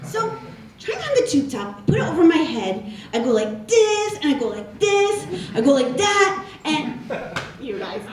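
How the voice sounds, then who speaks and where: A woman's voice: sits high, very animated, normal speed, distant mic, slight background noise. Woman doing a rambling, bragging oddball lady. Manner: rambling, repetitive, tacks on "okay?". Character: oddball self-absorbed woman retail worker, rambling braggart. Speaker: stand-up character comedian. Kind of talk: live character stand-up monologue. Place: stage before a live audience. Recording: roomy live stage sound from afar with audience.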